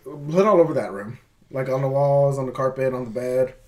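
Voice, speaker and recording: A young man who works in pest control, recounting events in relaxed, profane casual chat with many "um"s and "uh"s. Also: mid-range voice, fairly quick. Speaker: podcast co-host, pest control worker.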